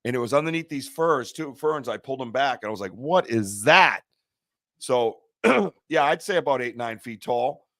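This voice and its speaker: Chatty, excitable man hosting a live stream. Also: medium pitch, brisk, few pauses, no echo. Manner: chatty and excitable, with loose restarts. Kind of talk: casual live stream banter. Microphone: streaming setup mic.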